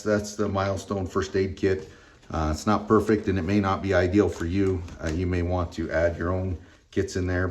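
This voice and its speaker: A man casually talking through his gear in a relaxed, rambling way, full of fillers and restarts. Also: very deep voice. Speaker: vlogger reviewing gear. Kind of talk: casual product talk. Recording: roomy, distant mic.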